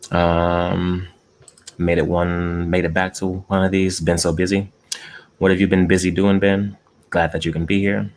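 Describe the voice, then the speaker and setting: A man with a low voice hosts a casual eating live stream from home, speaking flatly and unhurriedly with long pauses. Laid-back, he greets chat viewers and chuckles often. He uses a close desk mic in an air-conditioned room.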